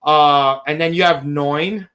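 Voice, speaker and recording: A man co-hosting a podcast, chatting casually and getting excited on rambling trivia tangents. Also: a little high, slow pace, smooth. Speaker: podcast co-host. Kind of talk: casual chat.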